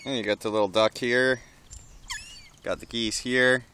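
A man casually filming outdoors, talking excitedly to birds and swearing often. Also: mid-range voice, unhurried, a little hiss or hum. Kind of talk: casual vlog narration.

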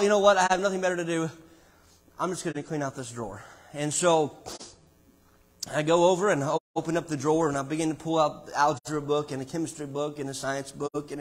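A man with a high voice preaches in a church, telling a personal story. He drops almost to a whisper on key words and then climbs into loud, ringing passages. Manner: dramatic swings from hushed to loud preaching. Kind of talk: sermon. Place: church sanctuary.

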